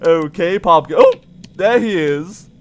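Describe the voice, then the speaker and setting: A shrill, frantic puppet. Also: male voice, lively intonation, unhurried. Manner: shrieking and yelling, then sudden mumbles. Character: shrill frantic male puppet, jumpy and easily rattled. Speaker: let's play commentator. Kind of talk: in-character game commentary.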